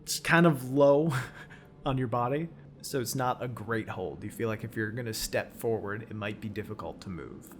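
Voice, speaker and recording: A man narrating as game master of a tabletop role-playing game, describing scenes in a relaxed way. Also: medium pitch, normal speed, a little hiss or hum. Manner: relaxed, laughs often while describing scenes.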